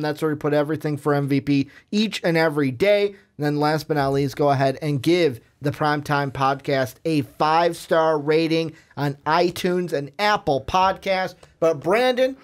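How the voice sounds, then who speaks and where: Rambling, quick-laughing podcast man. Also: a little high. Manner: rambling, laughs easily, trips over words. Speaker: podcast co-host. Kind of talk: casual sports podcast chat.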